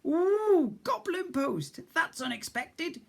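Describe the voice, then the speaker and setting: A motherly giant spider lady with a fussing manner, as a man reading a storybook puts her on. Her voice sits well above his own, high and bright. She is all warm concern for the child she calls her lamb. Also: big pitch swings, takes it slowly, gravelly, heavily acted. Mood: kindly. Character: kindly giant female spider hotel cook.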